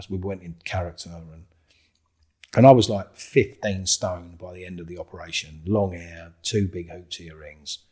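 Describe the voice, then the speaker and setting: Husky london guy, deeper voice, tells a wild story doing all the voices. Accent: London English. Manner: animated storyteller, acts out dialogue, swears freely. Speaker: guest. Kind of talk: storytelling podcast interview.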